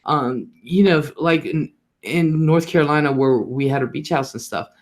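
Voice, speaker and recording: A man's voice: on the high side, moderate pace. A man from the northern US telling stories in casual chat, laughing between lines. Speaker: host of a live talk stream.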